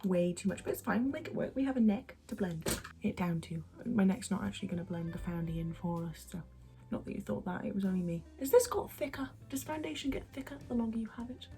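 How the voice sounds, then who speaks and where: A young woman from England talks her way through a get-ready-with-me makeup routine in a mellow, warm voice. She rambles, jokes at her own expense and drops into half-whispers, with soft music under her. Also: mid-range voice, animated, fast talker. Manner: rambling, self-mocking asides, half-whispered bits. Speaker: beauty vlogger.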